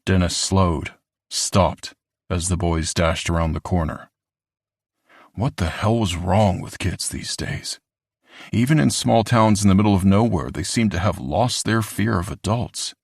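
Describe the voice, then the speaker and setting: A man narrates an audiobook in a very deep, low voice. His reading is steady and even. The sound is close and dry, as in a studio booth. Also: a little slow, gravelly, slightly rough, dry recording. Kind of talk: scripted narration.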